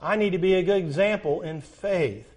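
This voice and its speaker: A man's voice: sits high, normal speed, darkish tone. A middle-aged man preaching a sermon as pastor, building to emphatic peaks and asking the congregation repeated questions.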